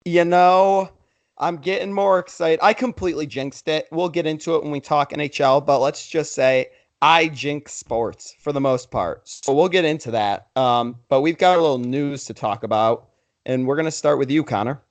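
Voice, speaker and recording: A man's voice: fairly high pitch, normal speed, dry recording. A young man hosting a casual sports podcast, joking loosely and reading out plugs. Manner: loose, joking, reads sponsor and social plugs. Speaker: podcast host.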